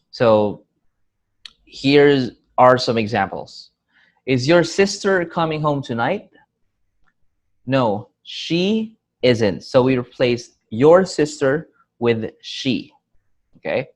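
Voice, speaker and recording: Guy teaching english grammar, slow and patient, does the example questions with big up and down intonation. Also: mid-range voice. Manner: clear and patient, says example sentences aloud with rising and falling intonation. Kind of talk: grammar lesson.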